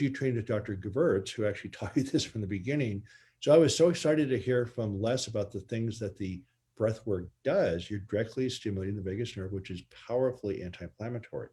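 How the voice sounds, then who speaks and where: A man's voice: fairly low pitch, mellow. A spine surgeon explaining his methods in earnest conversation.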